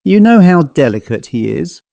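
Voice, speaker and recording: A man's voice: fairly high pitch, very animated, moderate pace, vocal fry, dark tone, no room sound, muffled recording, pitched above the performer's own voice. A man voicing a boastful, fanciful young male office clerk who talks in a sly, teasing way.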